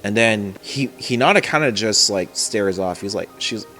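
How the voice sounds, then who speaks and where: Low-voiced man reacting to manga. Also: lively intonation, normal speed, sharp tone, soft background music. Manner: casual, rambling, frequent restarts and laughs. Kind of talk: casual reaction commentary, reading manga aloud.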